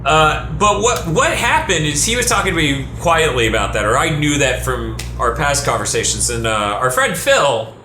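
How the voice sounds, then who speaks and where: Man, let's play commentator, lively pitch, bright voice, echoey room. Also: moderate pace, hardly any pauses, faint music behind. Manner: animated storyteller, voice jumps high when retelling arguments. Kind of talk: casual group chat over gameplay. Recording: echoey room with faint noise.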